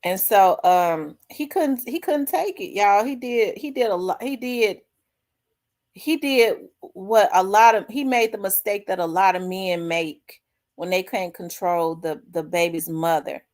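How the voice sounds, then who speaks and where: A middle-aged woman, hosting her own show and candidly telling a personal story, acting out the dialogue with big swings in her voice. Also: a little slow. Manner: animated, acts out quoted dialogue with big pitch jumps. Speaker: host.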